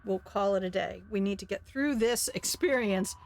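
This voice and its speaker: A woman's voice: mid-range voice, moderate pace, gravelly, darkish tone. A woman from Delaware streaming a story game live, reading aloud in a playful, chatty way and swearing freely. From Delaware, USA.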